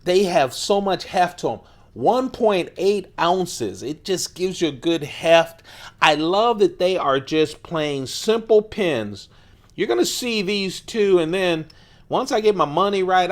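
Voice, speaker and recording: A man's voice: fairly high pitch, expressive, measured pace. A man hosting a casual show-and-tell vlog, playful and enthusiastic, chuckling often and drawing words out for emphasis. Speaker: host of an everyday-carry knife channel.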